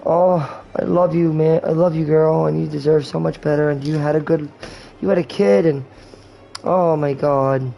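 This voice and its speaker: A man's voice: a little high, steady tone, normal speed, creaky, mellow, a little hiss or hum, rough recording. A man in his twenties talking in a rambling, candid way and swearing often, while hosting a gaming livestream. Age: 20s. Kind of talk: rambling casual chat.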